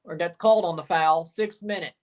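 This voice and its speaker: A woman's voice: lowish voice, fairly quick, a little mellow, lo-fi sound. A woman doing casual play-by-play of a football match on a livestream, calling the action and sassily answering her chat. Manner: sassy, talks back to chat. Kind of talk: watchalong play-by-play and chat replies.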